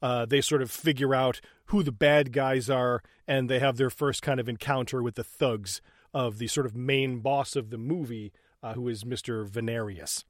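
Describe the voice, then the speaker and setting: A man's voice: steady tone, moderate pace, dry recording, clean studio sound. A man co-hosting a casual movie recap, swearing and joking and putting on silly voices for the characters. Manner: profane, jokey, recaps scenes and acts out characters in high silly voices. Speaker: podcast co-host.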